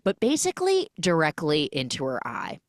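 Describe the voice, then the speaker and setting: A woman's voice: low voice, normal speed, no echo. A woman hosting a podcast, recapping a film in a casual, joking way and acting out the characters' lines. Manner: animated, acts out characters' lines. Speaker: podcast host.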